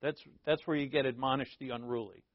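A man's voice: mid-range voice, steady tone, quick pace, no room sound. A man preaching as a pastor in informal Bible teaching, conversational and joking, often checking in with his listeners. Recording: dull lo-fi dry recording.

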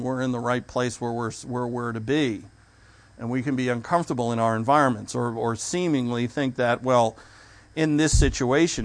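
Male preacher, mid-pitch, talks easily and restarts his sentences. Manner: conversational preaching with restarts and asides. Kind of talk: sermon.

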